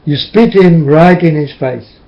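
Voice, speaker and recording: A man preaches and pleads in a tearful religious monologue recorded in his room, his voice repeatedly breaking. He speaks at a measured pace with fairly high pitch, and the lo-fi recording sounds dull.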